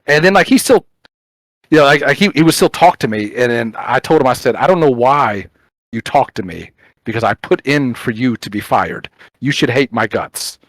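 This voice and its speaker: A man co-hosting a casual podcast, telling work stories with animated quoted dialogue and frequent fillers. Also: medium pitch, normal speed, dry recording, rough recording. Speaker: podcast co-host, police officer. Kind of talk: casual chat, storytelling.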